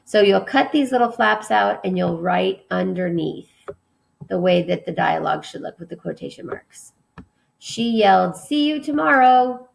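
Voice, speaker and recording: A woman's voice: fairly low pitch, normal speed, vocal fry. A woman teacher giving a remote lesson, reading example sentences aloud with emphasis.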